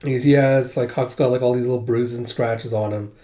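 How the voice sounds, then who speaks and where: A man with a mellow, warm voice recaps a manga casually. He rambles and leans on fillers. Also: medium pitch, fairly even intonation, a little fast.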